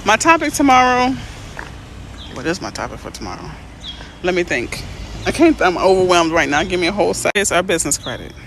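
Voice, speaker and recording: A woman's voice: fairly low pitch, brisk, a little hiss or hum. Effusive realtor woman on a livestream. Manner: effusive, excitable, tearful at times. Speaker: realtor and motivational host. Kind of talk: emotional live-stream chat.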